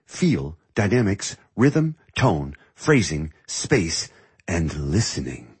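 Here is a calm, wry music mentor, read by a man whose low, husky voice rises and falls a great deal as he teases his student. He speaks in a patient, measured way, like a teacher handing out lessons one at a time. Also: heavily acted. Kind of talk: audiobook dialogue.

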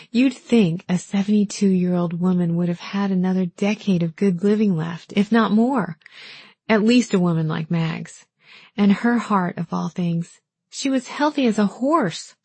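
Breathy woman narrating a novel. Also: on the low side, a little slow, a little mellow, dry recording. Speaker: audiobook narrator. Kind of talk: first-person novel narration.

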